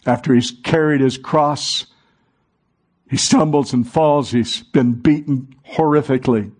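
A man preaching a sermon in a dramatic way, moving from hushed passages to rising fervor. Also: mid-range voice, fairly even intonation, a little slow.

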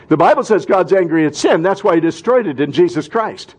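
Male pastor, sermon delivery, husky tone, slightly high voice. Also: big pitch swings, normal speed. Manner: preaching with rising emphatic calls and quiet drops.

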